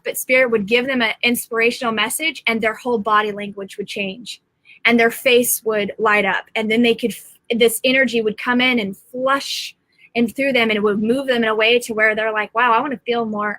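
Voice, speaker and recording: A woman's voice: on the high side, sharp tone, no room sound. A middle-aged woman, a psychic medium, talking to viewers from home in a rambling, earnest live-stream monologue.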